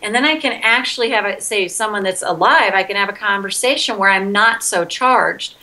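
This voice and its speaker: A woman's voice: mid-range voice, a little fast, bright, forceful tone, rough recording. A middle-aged woman as an interview guest, talking earnestly and candidly and acting out her own outbursts. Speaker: interview guest, EFT practitioner.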